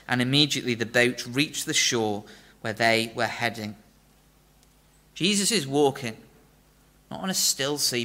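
A man preaching a sermon, earnest and emphatic, explaining scripture in plain terms and slowing down for stress. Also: a little high, sharp tone.

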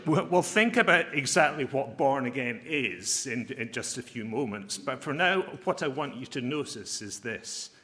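Bright-voiced male preacher. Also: mid-range voice. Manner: earnest, emphatic, slows down to stress key phrases. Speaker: pastor and military chaplain. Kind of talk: sermon.

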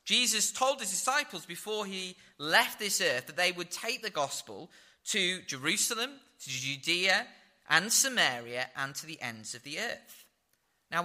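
A man's voice: a little high, pushed and bright. A man preaching a sermon, reading scripture aloud and explaining it verse by verse. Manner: expository Bible teaching with fillers.

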